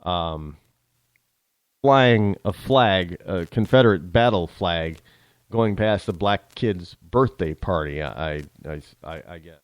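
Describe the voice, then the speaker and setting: Rambling, animated male talk show host. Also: sits low, takes it slowly, dry recording. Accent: northern American. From northern United States. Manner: rambling, with many restarts and repeated words. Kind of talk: casual solo monologue.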